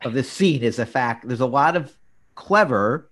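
A man's voice: mid-range voice, lively intonation, normal speed, fairly bright tone. A man co-hosting a podcast, chatting casually about a TV episode and getting exasperated over details. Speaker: podcast co-host.

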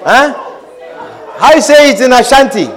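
Man, pastor, lively sermon, very high voice, congregation murmuring behind, asks the room questions, shouts and laughs. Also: normal speed, a faint crowd, poor audio. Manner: call-and-response preaching, asks the congregation questions; swings between quiet asides and shouted emphasis, laughing often. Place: church hall before a congregation. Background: congregation responding.

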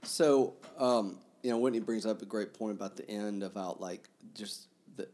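Earnest man with a mellow voice. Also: fairly low pitch. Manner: halting, many fillers and restarts, earnest. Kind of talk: casual book discussion and reading aloud.

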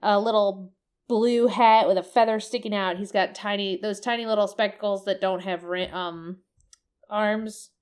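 In a casual chat about a video game, a woman describes the game's characters at length, often searching for words and swearing now and then. Her medium-pitched voice is steady, smooth and a little mellow, at a normal speed.

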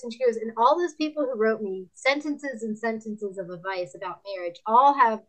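A woman in her fifties, a podcast guest and author, telling candid stories in a lively way, laughing often and acting out other people's lines in a higher voice. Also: normal speed, low-quality recording. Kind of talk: candid conversational storytelling.

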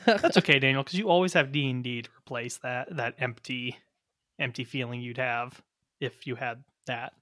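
A man's voice: medium pitch, normal speed, fairly bright tone, dry recording, clean studio sound. A man hosting and running the game, introducing co-hosts in upbeat, laughing banter. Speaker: host and dungeon master.

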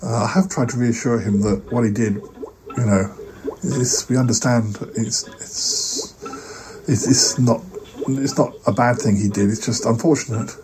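A man's voice: mid-range voice, fairly even intonation, unhurried, background noise. A man hosting a comedy podcast, talking hesitantly with many stammered restarts. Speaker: podcast host. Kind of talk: comic skit chat.

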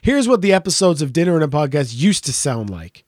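A middle-aged man with a notably high voice, chatting loosely on a podcast. He rambles and jokes and swears freely. The sound is close and dry, with no room around it. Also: very animated, fairly quick, darkish tone, no room sound. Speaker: podcast co-host. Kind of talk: casual chat.

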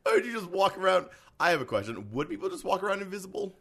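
Man, playful co-host, very animated pitch, rambling riffs. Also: fast talker, creaky. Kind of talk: casual chat.

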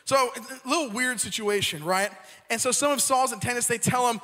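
A man's voice: very high voice, moderate pace, sharp tone. A young man preaching a casual, joking sermon who keeps checking in with "right?" asides. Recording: long hall reverb.

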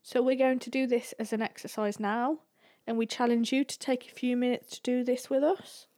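A woman's voice: fairly high pitch, steady tone, moderate pace, dark tone. Easygoing woman guiding a chat. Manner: easygoing, guides the exercise. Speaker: podcast co-host. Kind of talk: casual chat.

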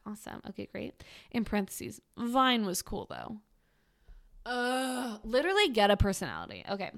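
A woman's voice: mid-range voice, big pitch swings, normal speed, gravelly, a bit bright. Young woman podcaster, dry sarcastic running commentary. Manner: sarcastic, wry, mocking. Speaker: podcast host.

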